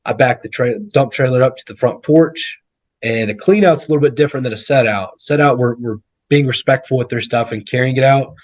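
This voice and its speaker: A male real estate investor, appearing as a guest, tells casual, rambling stories in a mid-range voice at a slightly fast clip. He repeats words and acts out what people said.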